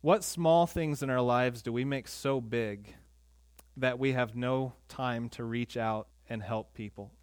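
A male pastor preaching a sermon in a conversational, earnest way, with quick asides to the congregation. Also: mid-range voice, dry recording, clean studio sound.

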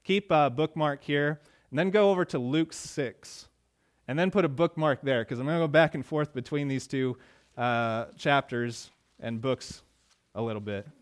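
A man's voice: mid-range voice, moderate pace. A man preaching a sermon to his congregation, talking casually and rising with emphasis when he reads out verses. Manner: conversational preaching, rising emphatic on quoted lines. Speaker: pastor.

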